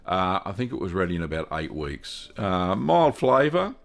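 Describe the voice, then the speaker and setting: A man with an Australian accent hosting a live stream, greeting viewers one by one in a relaxed, chatty way. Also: deep voice, moderate pace, vocal fry. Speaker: host of a cheese-making livestream. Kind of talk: casual live-stream chat.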